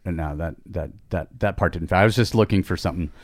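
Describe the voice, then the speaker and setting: A man's voice: deep voice, quick pace, dry recording, studio quality. A middle-aged man telling a long casual story on a podcast, rambling with many restarts and asides. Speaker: podcast guest.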